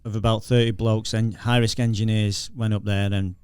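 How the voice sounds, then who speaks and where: Man, Northern English accent, middle-aged, low pitch, smooth voice, chatty storyteller. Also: little pitch movement, normal speed, darkish tone, no room sound, clean studio sound. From England. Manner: chatty, laughs through anecdotes, lots of restarts. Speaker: guest, former explosive detection dog handler. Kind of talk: casual storytelling interview.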